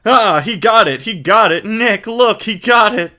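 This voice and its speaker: A man voicing a bubbly, excitable teenage girl in a video game, gushing like a starstruck fan in a raised falsetto. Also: unhurried, full character voice.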